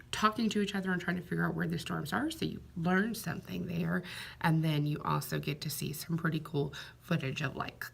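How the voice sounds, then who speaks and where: A young adult woman vlogger chatting casually to her viewers in a soft, half-whispered, relaxed way. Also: on the low side, creaky, breathy edge. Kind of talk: casual chat.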